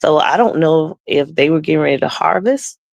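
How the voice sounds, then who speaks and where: Gravelly-voiced woman telling her testimony. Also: deep voice, lively intonation, brisk, a little mellow, dry recording, lo-fi sound. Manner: storytelling, acting out the other people's lines in the story; loses her words and restarts mid-sentence. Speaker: guest. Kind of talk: telling a personal faith testimony.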